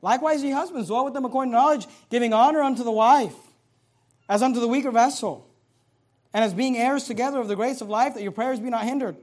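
Male pastor mid-sermon: folksy and conversational, punches key lines loudly and drops low for asides. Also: fast talker. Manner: animated, swings between loud emphasis and quiet asides; reads scripture aloud in King James wording.

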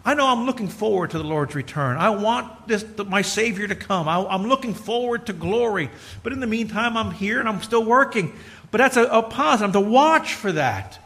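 A man's voice: high-pitched, lively intonation, moderate pace, a bit bright. A middle-aged man preaching a folksy sermon, talking conversationally through personal stories and building to emphatic points.

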